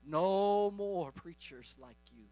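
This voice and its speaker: A man's voice: high-pitched, lively intonation, slow pace, warm tone, highs cut off, voice pushed down. A preacher putting on an insistent Caribbean man.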